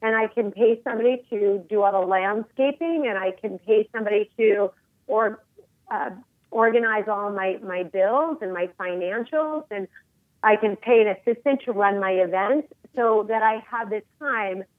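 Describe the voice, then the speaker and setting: A woman in her forties, a guest on a phone interview, talking in an emphatic, animated way. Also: medium pitch, normal speed, dry recording. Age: 40s. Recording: tinny phone line, dry.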